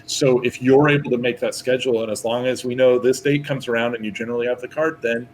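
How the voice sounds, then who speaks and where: A man's voice: medium pitch, steady tone, fast talker, a little hiss or hum, rough recording. A man, a guest artist, talking candidly in a casual podcast chat, rambling and laughing often.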